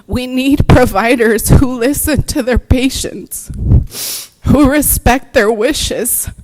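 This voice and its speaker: A woman's voice: high voice, slow pace, darkish tone, poor audio. A woman therapist giving earnest, emotional public comment at a board meeting, reading prepared remarks.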